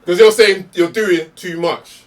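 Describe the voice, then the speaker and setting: Guy moaning about a tv show, highish voice, a bit far from the mic. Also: steady tone, unhurried. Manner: nitpicking, complaining, laughing. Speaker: podcast co-host. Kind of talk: casual chat.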